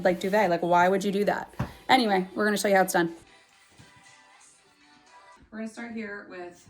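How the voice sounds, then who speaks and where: A young woman working as an interior designer, narrating a casual home renovation vlog indoors in a chatty, upbeat way full of fillers. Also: medium pitch. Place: house under renovation, indoors.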